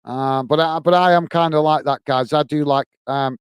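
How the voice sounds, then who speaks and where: Calling a football match on a live watch-along stream, a British man reads viewer comments aloud and thanks people by name. His fairly high voice is steady and clean at a moderate pace, captured in a clean studio sound with no room sound. His friendly banter is packed with fillers and restarts.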